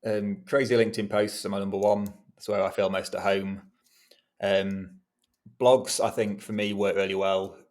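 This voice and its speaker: A man speaks in a low, fairly flat voice. He is a podcast guest chatting casually and self-deprecatingly about his freelance work, laughing easily along the way.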